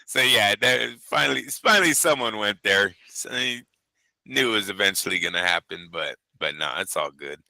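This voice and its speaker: Man, sarcastic casual chat, very sharp tense voice, dry close sound. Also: fairly low pitch, expressive, moderate pace, creaky, no echo. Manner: blunt, sarcastic, profane. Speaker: boxing show co-host.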